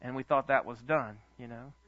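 A male pastor, telling stories in a sermon with an animated, chuckling manner. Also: medium pitch, normal speed, no echo. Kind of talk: storytelling sermon. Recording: dull lo-fi dry sound.

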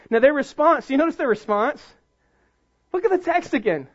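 Male pastor, very high voice, preaches with loud bursts and quiet lows; muffled lo-fi sound. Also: expressive, moderate pace. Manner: preaching with sharp swings between loud emphasis and hushed low delivery. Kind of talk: sermon. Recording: dull lo-fi sound.

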